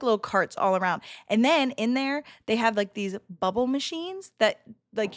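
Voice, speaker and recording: A woman livestreamer chatting casually with her viewers, telling animated stories with lots of laughing and swearing. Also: medium pitch, dry recording, clean studio sound. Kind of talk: casual chat with stream viewers. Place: home streaming setup.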